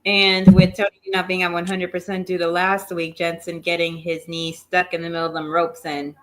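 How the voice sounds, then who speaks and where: Woman co-host recapping, low voice. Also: monotone, fairly quick, fairly bright tone. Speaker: co-host of a wrestling review show. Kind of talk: casual show recap.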